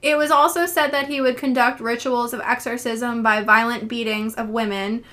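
A woman's voice: a little high, steady tone, moderate pace, fairly bright tone. A young woman co-hosting a casual history podcast, chatty, laughing often and reading quotes aloud. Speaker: podcast co-host.

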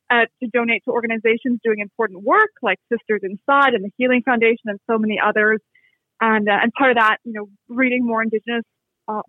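This Canadian man is an author and guest, musing thoughtfully in an interview with an extremely high-pitched voice and frequent sentence restarts. There is no room sound, though the line comes across thin and phone-like.

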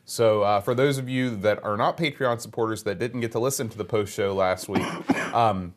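A podcast co-host with a fairly low-pitched voice talks at a normal speed. He chats casually and reads listener emails aloud, dropping in easy filler words.

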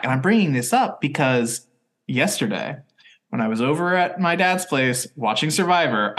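A man co-hosting a podcast, casually recapping a TV episode with quick joking asides. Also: medium pitch, fairly bright tone. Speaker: podcast co-host.

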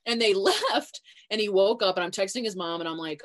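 A young adult woman chatting casually as a guest, full of fillers and quick laughs. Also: mid-range voice, lively intonation, a bit bright. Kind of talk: casual chat.

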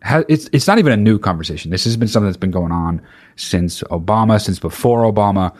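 A comedian doing a stand-up rant, talking in an exasperated, profane and rhetorical way. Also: male voice, lowish voice, animated, quick pace, darkish tone.

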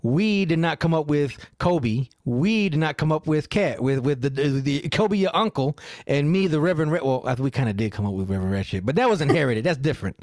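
A man hosting a casual podcast, joking and teasing his co-hosts and guest in a loose, animated way. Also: fairly high pitch, a little fast, dry recording, studio quality. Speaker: podcast host.

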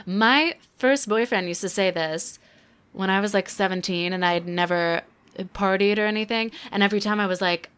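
A woman in her twenties reviewing a book in casual commentary, with sarcastic deadpan asides. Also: mid-range voice, normal speed, smooth.

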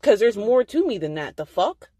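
A woman's voice: mid-range voice, big pitch swings, moderate pace, dark tone, a little hiss or hum. A woman speaking her mind in casual chat, outspoken and profane.

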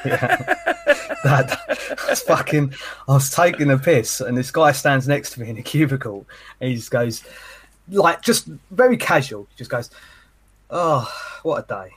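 Husky man, cheeky banter. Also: mid-range voice, big pitch swings, moderate pace. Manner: cheeky, provocative, laughing. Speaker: podcast co-host. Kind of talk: casual chat.

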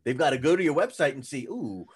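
A man being interviewed as a business coach, talking loosely and animatedly, slipping into acted-out voices with big jumps in pitch. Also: racing, slightly rough. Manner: loose and chatty with fillers. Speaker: guest, authority positioning coach. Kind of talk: conversational podcast interview.

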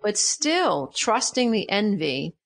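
A woman's voice: mid-range voice, takes it slowly. Emphatic middle-aged woman coach. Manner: emphatic, repeats key phrases, animated. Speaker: guest, codependency coach. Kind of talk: interview conversation.

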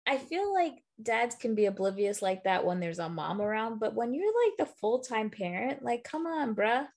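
A woman's voice: on the high side, sing-song, moderate pace, a little mellow. A woman co-hosting a podcast, chatting casually, giving blunt opinions and laughing often. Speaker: podcast co-host. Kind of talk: casual chat.

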